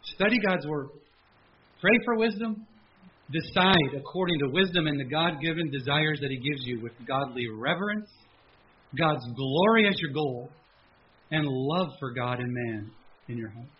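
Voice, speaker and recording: A man preaching a sermon as pastor at a church service, animated, with a raised pleading voice when he acts out prayers. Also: a little high, normal speed, highs cut off.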